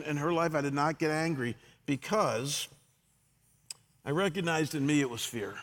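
Pastor preaching in a reverberant sanctuary. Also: male voice, on the high side. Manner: candid storytelling, swings from loud re-enactment to quiet reflection. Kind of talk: sermon. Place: church sanctuary. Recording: long hall reverb.

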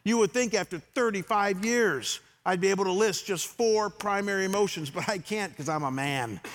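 A middle-aged male pastor preaches a candid, story-driven sermon, his fairly high voice carrying through a church hall with a long, lingering reverb. He swings from loud re-enactments to quiet, reflective stretches. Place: church sanctuary.

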